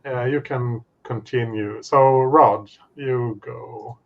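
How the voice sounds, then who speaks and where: A man's voice: medium pitch, fairly even intonation, slow. A man hosting a casual planning chat, agreeable and easygoing, often saying yeah several times. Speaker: host. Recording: dull lo-fi audio.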